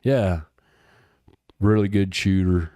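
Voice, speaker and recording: An older man in his sixties, talking in a low, easygoing voice as an interview guest. His delivery is loose and chatty, full of "man" and "dude" and easy laughs. The sound is dry and close to the mic. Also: takes it slowly, dark tone, no room sound. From Texas. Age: 60s. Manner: laid-back, laughs often, says "man" and "dude". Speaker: guest, retired helicopter pilot. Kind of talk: casual interview storytelling.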